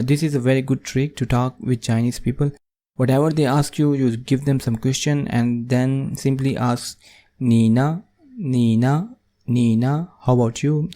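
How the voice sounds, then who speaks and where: A man teaching a beginner Chinese lesson in English, slow and repetitive, saying each new word several times, with small grammar slips. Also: medium pitch, warm tone.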